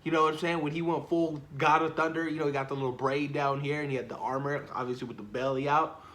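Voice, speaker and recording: A young man in a casual, gushing film review who keeps repeating himself and trails off softly at the ends of lines. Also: on the high side, little pitch movement, fast talker, a little hiss or hum. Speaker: movie vlogger.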